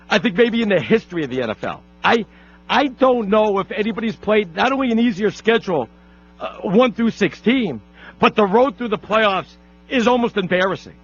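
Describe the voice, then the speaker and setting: A man's voice: sits high, sing-song, moderate pace, faint music behind. A man hosting a sports talk radio show, brash and boastful, often stumbling over his words and restarting. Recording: dull lo-fi radio broadcast.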